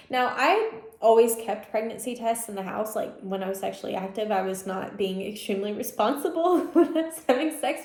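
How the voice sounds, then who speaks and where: A woman's voice: medium pitch, a little mellow. A young woman telling a personal story in a casual, chatty way, full of "like" and laughing asides. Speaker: vlogger. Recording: echoey room.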